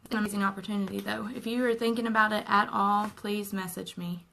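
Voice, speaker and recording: A woman's voice: medium pitch, flat delivery, quick pace, creaky, pushed and bright, a little hiss or hum, low-quality recording. A young woman chatting casually and earnestly while doing her makeup at home in a tutorial vlog. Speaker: makeup vlogger.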